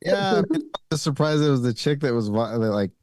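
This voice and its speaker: A man's voice: on the high side, sing-song, fairly quick, darkish tone, no room sound, studio quality. A young man chatting casually as a podcast co-host, laid-back and slangy with crude interjections. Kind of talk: casual chat.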